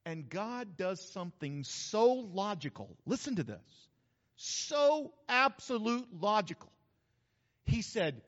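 A man from New Mexico, a pastor preaching a sermon in a folksy, humorous, animated storytelling manner. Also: sits high, slow pace. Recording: reverberant hall, slightly dull sound.

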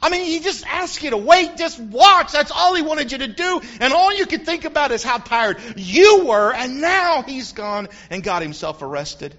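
Preacher doing a remorseful apostle, anguished. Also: male voice, very high-pitched, big pitch swings, slow, few pauses, a bit bright, pitched above the performer's own voice, heavily acted. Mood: self-reproach. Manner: anguished, emphatic. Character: remorseful male apostle berating himself. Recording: dull lo-fi recording.

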